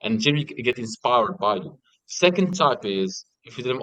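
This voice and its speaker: A young man in a casual interview, telling stories in an animated way and swearing often. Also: medium pitch, a little fast, no room sound, highs cut off. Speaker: guest.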